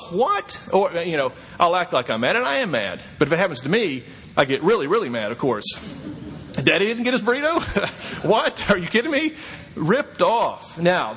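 A middle-aged pastor with a husky voice preaches a sermon, swinging between quiet asides and high, incredulous exclamations. The recording has long hall reverb and faint ambience.

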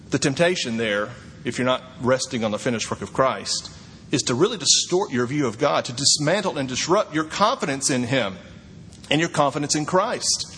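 A middle-aged man preaching a sermon as a pastor, swinging from quiet asides to high, incredulous exclamations. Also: lively intonation, brisk, slight background noise. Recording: long hall reverb, faint ambience.

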